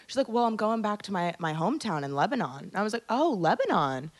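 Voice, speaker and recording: A young woman co-hosting a podcast, chatting casually and telling an animated story, swearing freely and acting out what people said. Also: medium pitch, fast talker. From North America. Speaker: podcast co-host. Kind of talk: casual chat.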